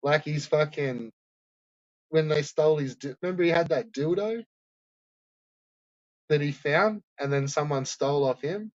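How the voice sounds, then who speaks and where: A man's voice: a little high, unhurried, pauses often, no room sound, muffled recording. A man rambling through a profane, casual commentary, laughing often.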